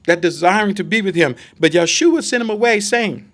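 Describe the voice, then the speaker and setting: Man, high voice, conversational sermon, emphatic, rhetorical questions. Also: brisk, a bit bright. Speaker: Bible study preacher.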